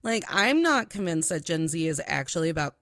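A woman's voice: low-pitched, very animated, a little fast, fairly bright tone, no room sound, clean studio sound. A woman guesting on a podcast, chatting casually with a wry, sarcastic edge. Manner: wry, sarcastic, laughs often.

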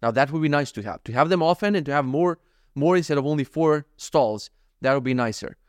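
A man's voice: a little high, lively intonation, fairly quick, dry recording, clean studio sound. A man from North Macedonia, telling a story in a casual, profane, ranting vlog monologue. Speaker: vlogger.

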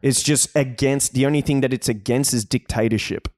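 Animated, swearing Australian podcast host. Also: male voice, medium pitch, brisk. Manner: animated, swears freely, restarts often. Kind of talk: casual podcast chat.

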